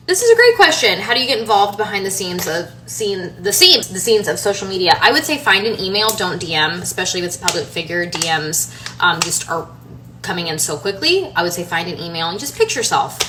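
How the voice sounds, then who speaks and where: Bright chatty woman answering follower questions. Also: on the low side, very animated, a little fast. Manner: chatty and rambling, many fillers and restarts. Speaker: home renovation designer and social media creator. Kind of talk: casual Q&A chat to followers. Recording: somewhat distant from the mic, faint room noise.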